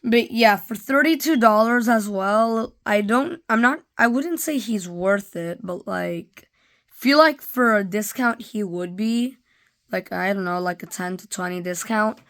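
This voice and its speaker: A woman's voice: medium pitch, measured pace. A woman casually reviewing toys in a rambling, offhand way, full of fillers. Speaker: toy reviewer. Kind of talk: casual product review vlog.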